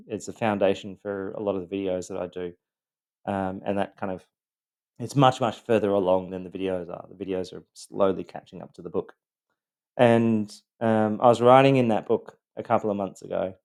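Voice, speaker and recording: A man, a trauma coach, talking candidly to camera about his own experience, acting out his past thoughts with sudden loud, high outbursts. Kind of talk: loosely scripted personal talk to camera.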